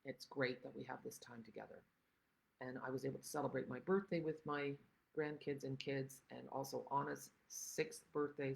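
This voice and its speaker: Greeting viewers by name and rambling, an older woman talks casually through a livestream stamping craft tutorial. Her voice is extremely low and creaky, and the audio quality is poor.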